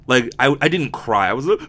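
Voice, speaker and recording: A young man with a slight lisp from sore wisdom teeth hosts a casual solo podcast. He rambles candidly, swears freely and restarts his sentences often, in a voice of ordinary middle pitch. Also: fairly bright tone, slight background noise. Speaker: podcast host.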